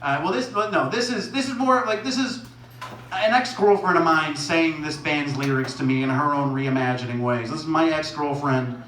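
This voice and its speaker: A man's voice: fairly high pitch, normal speed, fairly bright tone. A man doing a rambling, self-mocking stand-up set, laughing at his own jokes. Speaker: stand-up comedian. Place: small comedy venue with audience. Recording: echoey room from far off, noisy.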